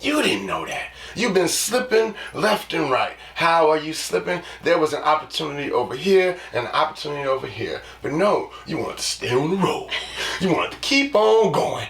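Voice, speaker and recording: Animated joking man, echoey room. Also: on the high side, normal speed, recorded from a distance. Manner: animated, jokey, acts out little scenes with voices. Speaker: podcast host. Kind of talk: casual podcast chat. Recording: roomy echo, voice a bit off mic.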